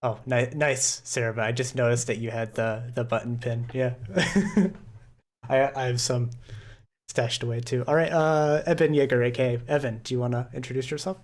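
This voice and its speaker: A man hosting a casual video-call meeting, relaxed and chatty, laughing easily. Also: medium pitch, moderate pace. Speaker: host.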